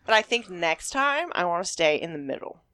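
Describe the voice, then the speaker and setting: A woman chatting as a podcast guest, blunt and quick to swear, laughing often. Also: on the low side, very animated, bright, forceful tone, no room sound, studio quality. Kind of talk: casual chat.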